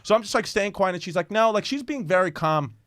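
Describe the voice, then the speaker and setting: A man's voice: sits high, lively intonation, quick pace, a bit bright, no echo, studio quality. A man, telling a long profane story on a podcast and acting out what people said. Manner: profane rambling anecdote with acted-out quotes. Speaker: guest comedian. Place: podcast studio.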